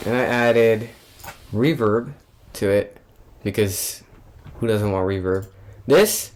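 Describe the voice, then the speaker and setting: A man's voice: lowish voice, slow, noisy background. A young man, a music producer, casually talking through how he built a track, loose and offhand with frequent fillers and restarts. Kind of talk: casual tutorial narration.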